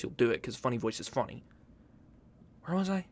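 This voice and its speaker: A man's voice: medium pitch, animated, brisk, dry recording. A man hosting a casual commentary video, profane, joking and hyperbolic. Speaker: YouTube host.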